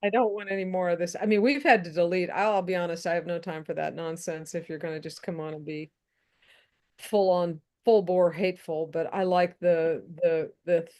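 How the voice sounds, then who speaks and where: A woman's voice: fairly low pitch, fairly even intonation, moderate pace, darkish tone. Frank woman co-hosting a podcast. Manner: frank, blunt, restarts often. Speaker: podcast co-host. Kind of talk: casual political chat.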